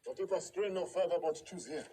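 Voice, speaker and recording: A man plays a proud prince who ponders aloud in verse, soft and half-laughing. The voice sits high. There is faint background noise. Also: fairly quick, close to an everyday voice, rough recording. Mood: musing. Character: proud regal male prince weighing a choice. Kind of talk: stage drama in verse.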